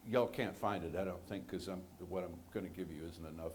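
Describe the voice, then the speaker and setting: A man's voice: low-pitched, a little fast, darkish tone, a little hiss or hum. A man preaching a sermon to a congregation, speaking conversationally and with animation, joking with his listeners. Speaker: minister. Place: church sanctuary.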